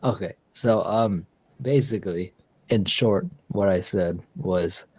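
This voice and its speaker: A man's voice: deep voice, slow pace, a little mellow, breathy edge, no room sound, rough recording. A man streaming casually, telling a long story with lots of fillers and restarts. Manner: rambling storyteller with many fillers. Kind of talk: casual live-stream chat.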